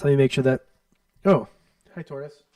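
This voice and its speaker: A man's voice: mid-range voice, normal speed, mellow, dry recording, clean studio sound, distant mic. A man hosting a casual reptile livestream, reading out chat questions and answering in a rambling, off-the-cuff way from home. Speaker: reptile channel host. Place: home room.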